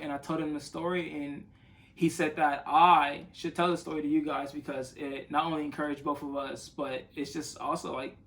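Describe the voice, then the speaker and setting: A young man, a youth ministry leader, telling a personal faith story in an earnest, halting way with frequent restarts. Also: fairly high pitch, gravelly, poor audio. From United States. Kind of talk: personal testimony.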